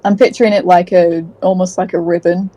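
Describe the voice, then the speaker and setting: A woman's voice: lowish voice, level tone, brisk, mellow, no room sound, poor audio. Playful British woman playing a game. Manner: playful, giggly. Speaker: player.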